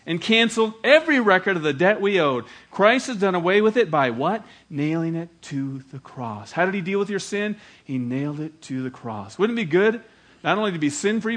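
A man's voice: fairly high pitch, a bit bright. A middle-aged man preaching as a pastor, earnest and emphatic, mixing urgent appeals with personal stories. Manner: earnest, rising to emphatic appeals, storytelling asides. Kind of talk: evangelistic sermon.

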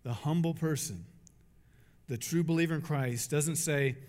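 A man's voice: on the high side, normal speed, darkish tone, long reverb tail. A man preaching a sermon, emphatic, asking rhetorical questions and acting out quotes. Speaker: pastor.

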